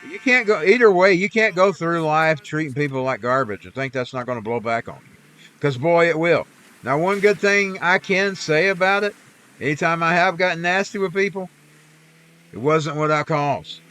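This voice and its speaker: A man's voice: fairly high pitch, normal speed, sharp tone. A man chatting while he plays, rambling in a folksy way about faith and scripture. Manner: rambling, folksy, preachy asides. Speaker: streamer. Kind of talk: casual chat while gaming.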